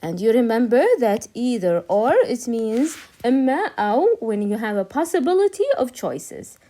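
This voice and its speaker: A woman's voice: a little high, expressive, moderate pace, warm tone. A woman English teacher, an Arabic speaker, patiently explaining grammar and repeating each point in English and Arabic. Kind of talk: grammar lesson, switching between English and Arabic.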